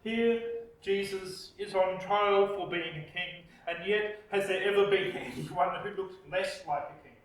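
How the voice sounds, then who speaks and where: A man with an Australian accent preaching a reflective sermon as pastor, slow with dramatic pauses. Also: high voice, a bit bright. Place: church. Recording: echoey church, distant mic.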